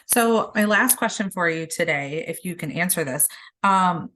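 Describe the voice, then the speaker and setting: A woman hosting an interview, asking rambling questions with fillers and pauses. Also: fairly low pitch, expressive, fairly bright tone. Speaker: interviewer, host.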